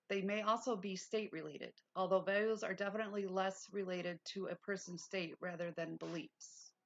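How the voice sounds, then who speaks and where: A woman's voice: mid-range voice, muffled recording. A woman hosting a casual livestream lesson, reading notes aloud and breaking off into chatty asides. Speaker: livestream host.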